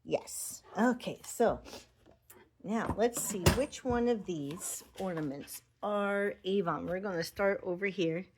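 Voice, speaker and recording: A woman's voice: medium pitch, slow pace, a little mellow, slight background noise. A middle-aged woman chatting fondly at home by her Christmas tree, thinking aloud as she shows her ornaments. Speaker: Avon representative. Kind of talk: casual home vlog.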